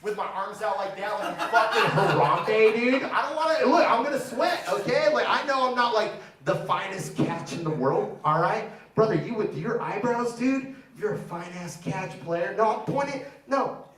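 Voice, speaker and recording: Brash high-voiced man doing stand-up. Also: lively intonation, normal speed, fairly bright tone. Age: 30s. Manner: brash, profane, teasing the crowd. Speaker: stand-up comedian. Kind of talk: stand-up set with crowd work. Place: comedy theater stage. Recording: echoey room, mic from a distance.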